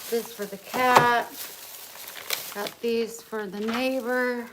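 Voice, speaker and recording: A middle-aged woman vlogging casually, chatting and loudly scolding her dog. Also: fairly high pitch, fairly even intonation, takes it slowly, background noise. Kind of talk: casual vlog talking to her pets.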